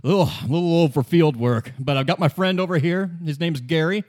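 A man's voice: a little high, brisk, darkish tone, voice pushed up, natural voice. A man voicing a cheerful, fussy old male scientist who stammers, in a tabletop role-play. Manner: chipper, stammering.

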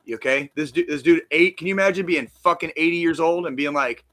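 A man with a bright, forceful voice, swearing freely and rallying his co-host as they talk. His pitch sits a bit high for a man. It sounds like a loose, profane podcast chat. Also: fast talker.

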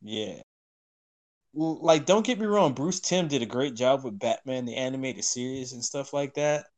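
A man guest on a podcast, chatting casually, getting excited and emotional and laughing often. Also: medium pitch.

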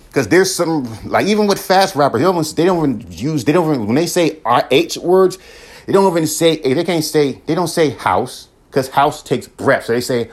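A man from California ranting casually on his podcast, profane and animated, often restarting his words. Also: fairly high pitch, a little fast. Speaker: podcast host. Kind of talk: casual rant.

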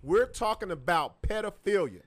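A man co-hosting a live podcast with a somewhat high-pitched voice. He talks in loose, joking slang. He reads viewer shout-outs between bits of banter. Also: lively intonation, moderate pace. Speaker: podcast co-host. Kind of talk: casual livestream chat.

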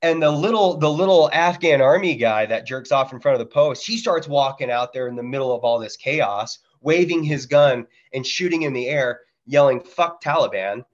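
A man's voice: mid-range voice, normal speed, few pauses. Candid, profane male storyteller, lo-fi audio. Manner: candid and profane, mimics gunfire sounds. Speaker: podcast guest, Marine veteran. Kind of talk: casual storytelling.

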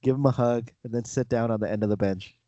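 A man co-hosting a casual sports podcast, talking in an animated way and acting out quotes in mock voices. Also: medium pitch, fast talker, no room sound, muffled recording. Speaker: podcast co-host.

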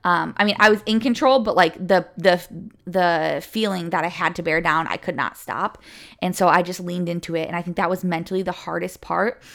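A young woman with a lowish, gravelly, slightly bright voice shares her birth story as a podcast or vlog host. She tells it candidly and chattily as casual personal storytelling, saying "like" a lot, and her voice lifts quickly when things get emotional.

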